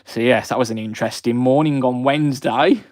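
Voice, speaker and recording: A man's voice: mid-range voice, brisk, a little mellow, no echo, studio quality. A man in his twenties with a Black Country accent, hosting a live stream and chatting with viewers in a friendly, rambling way, with frequent fillers. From West Midlands of England. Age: 20s.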